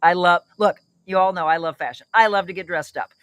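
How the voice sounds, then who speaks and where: A woman's voice: lowish voice, a little fast, a bit bright, no echo. A middle-aged woman hosting a casual livestream, chatting upbeat and reading out viewer comments. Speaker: livestream host.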